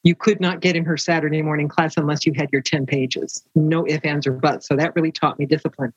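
A woman's voice: low voice, a little fast, breathy edge, no room sound, muffled recording. An older woman, a romance author, telling stories in an interview and acting out the voices of the people she quotes. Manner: animated, acts out quoted voices. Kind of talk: storytelling interview.

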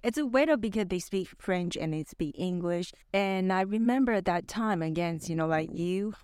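A woman guest on a podcast telling personal stories in a chatty way, full of "you know" and quick laughs. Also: on the low side, animated, a little mellow, clean tone, no room sound, clean studio sound. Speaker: podcast guest, business founder.

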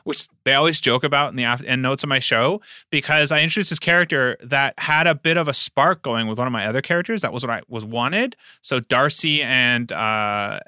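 A man co-hosting a casual chat about running tabletop games, animated and laughing often. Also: medium pitch, a little fast, hardly any pauses, dry recording, clean studio sound. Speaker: podcast co-host and game master.

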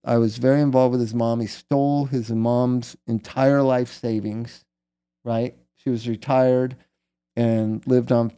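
A man's voice: mid-range voice, little pitch movement, measured pace, mellow, clean tone. A middle-aged man casually telling a long personal story as a guest, candid and rambling, often tagging "right?" onto his sentences.

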